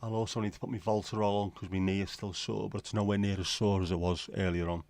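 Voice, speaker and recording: A man's voice: lowish voice, level tone, quick pace, a little mellow, no room sound. A middle-aged British man hosting a casual late-night livestream, rambling wryly and chatting to his viewers from home. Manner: rambling, wry, talks to himself. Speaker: livestream host.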